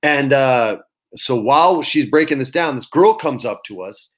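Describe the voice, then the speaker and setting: A man, an actor, telling a story in casual chat, lively and swearing freely as he acts out quotes. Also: medium pitch, unhurried. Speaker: actor guest.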